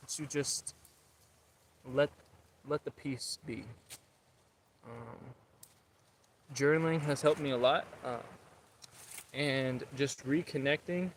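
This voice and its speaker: Speaking in a mid-range voice, a young man records a vlog in a public outdoor space, with slight background noise. He talks earnestly and at length about getting better, offering casual encouragement to the people watching.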